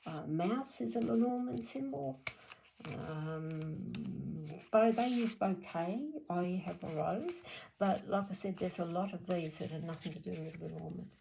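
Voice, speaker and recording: A middle-aged Australian woman reads cards live for her viewers, chatty and blunt. Her voice sits low and gravelly, with a faint hiss behind it. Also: a little slow, warm tone, low-quality recording. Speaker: card reader. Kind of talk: live-stream reading.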